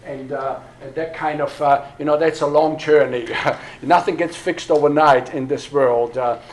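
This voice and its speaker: A man's voice: fairly high pitch, steady tone, normal speed, low-quality recording. Rambling older man in his sixties. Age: 60s. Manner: rambling personal storytelling with many fillers. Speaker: pastor. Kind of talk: workshop talk to a church audience.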